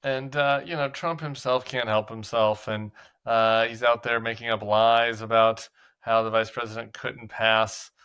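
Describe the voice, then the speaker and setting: A man's voice: mid-range voice, steady tone, measured pace, a bit bright, smooth. A man hosting political commentary, talking casually with a sarcastic, mocking edge.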